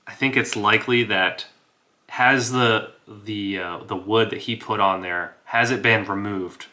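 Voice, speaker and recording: A man narrating a solo tabletop role-playing game in a relaxed way, rolling dice and chuckling as he goes. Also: on the low side, unhurried, slight background noise. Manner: relaxed, laughs, talks to himself about rolls. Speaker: game master and player.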